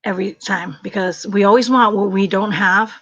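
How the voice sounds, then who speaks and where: A woman's voice: mid-range voice, steady tone, moderate pace, a bit bright, dry recording, dull audio. A woman hosting a casual livestream, chatty and laughing often. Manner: chatty, laughs often, talks to her dog. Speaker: livestream host.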